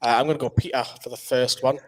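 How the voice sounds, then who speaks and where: A man's voice: medium pitch, steady tone, fast talker. A man with a Geordie accent hosting a casual live quiz, chatty and explaining the rules at length. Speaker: quiz host.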